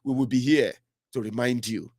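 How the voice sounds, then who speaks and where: A man's voice: medium pitch, fairly even intonation, moderate pace, darkish tone, dry recording, studio quality. A man with a Nigerian accent giving heated political commentary, fiery and mocking, slipping into Pidgin.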